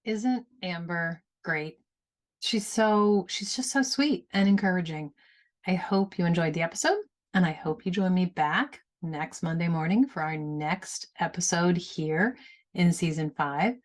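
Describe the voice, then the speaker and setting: A woman's voice: lowish voice, a little slow. A woman with a Northern American accent hosting a podcast, encouraging and affirming in casual chat. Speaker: podcast host.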